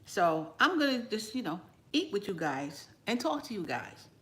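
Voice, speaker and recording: A woman hosting a home cooking channel, chatting casually with viewers while she eats, relaxed and laughing often. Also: medium pitch, normal speed. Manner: chatty and relaxed, talks between bites and greets viewers by name. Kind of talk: casual live chat while eating.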